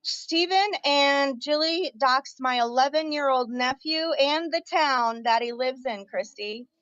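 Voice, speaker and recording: A woman's voice: sits high, unhurried, fairly bright tone, no echo, highs cut off. A woman ranting angrily and profanely on her livestream, confronting her viewers head-on. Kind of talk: angry livestream rant.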